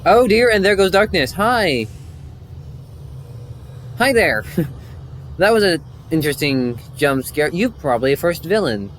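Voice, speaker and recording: Animated male gaming streamer. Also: a little high, a little slow, long pauses, slight background noise. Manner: animated, laughing, reacts aloud. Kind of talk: live gaming commentary.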